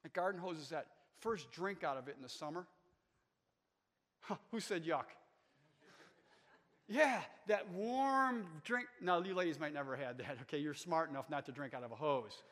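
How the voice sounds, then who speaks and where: A man in his sixties preaches with a high, lively voice, telling stories and drawing the crowd in. He moves from quiet words to loud shouts. The voice rings with a long reverb, as in a large church hall. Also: moderate pace. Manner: animated, swings from quiet to shouting; storytelling, calls on the audience. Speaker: guest preacher. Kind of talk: sermon.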